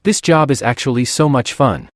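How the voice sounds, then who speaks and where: A man's voice: mid-range voice, animated, normal speed, no echo, studio quality, close to an everyday voice. A man voicing a brash young female demi-human guard who is eager for a fight. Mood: fierce.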